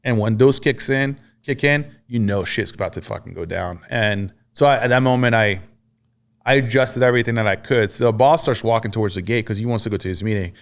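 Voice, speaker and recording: A man's voice: lowish voice, fairly quick. Profane man acting out quoted dialogue. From France. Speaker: podcast guest, army veteran. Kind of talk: conversational war storytelling.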